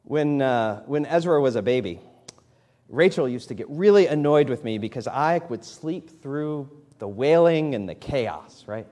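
Conversational preacher in a reverberant church. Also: male voice, mid-range voice, expressive, unhurried, dark tone. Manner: conversational preaching, rising emphatic delivery. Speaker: pastor. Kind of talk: sermon. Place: church sanctuary. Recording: long hall reverb in church.

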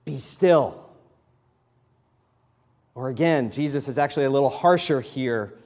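A man's voice: medium pitch, fairly quick, darkish tone. A man in his thirties preaching a sermon in a conversational way, building to emphatic, rising lines. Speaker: pastor. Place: church sanctuary. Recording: long hall reverb in church.

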